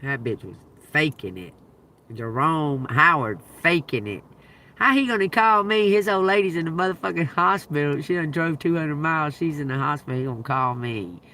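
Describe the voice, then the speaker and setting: A woman's voice: low voice, expressive, moderate pace, bright, forceful tone, a little hiss or hum. A woman hosting a livestream, telling a story in an emphatic, profane, laughing way. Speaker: livestream host and tarot reader.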